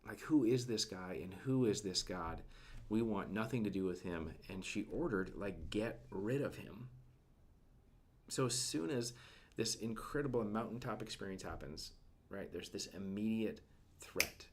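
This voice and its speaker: This devotional speaker has a fairly low, expressive voice and an unhurried delivery. His talk is casual and conversational, laden with fillers, with frequent questions to listeners and near-whispers at emotional peaks.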